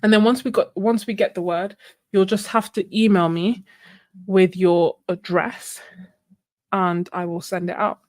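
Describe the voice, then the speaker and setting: A woman's voice: mid-range voice, steady tone, a little slow, no room sound, studio quality. A woman hosting a casual art livestream, chatting, laughing often and thinking aloud. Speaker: art channel host.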